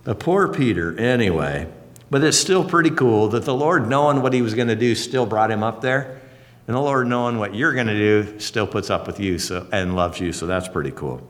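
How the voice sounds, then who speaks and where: Animated folksy preacher in a reverberant hall. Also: male voice, fairly low pitch, normal speed. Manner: animated, folksy and conversational, leaps up for exclamations. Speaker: pastor. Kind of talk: sermon.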